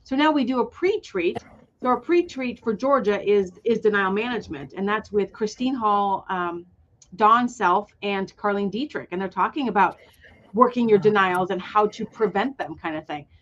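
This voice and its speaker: A woman's voice: medium pitch, moderate pace, fairly bright tone. Enthusiastic woman on a lo-fi call. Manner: enthusiastic, rambling with fillers. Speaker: guest, retreat organizer. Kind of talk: webinar conversation.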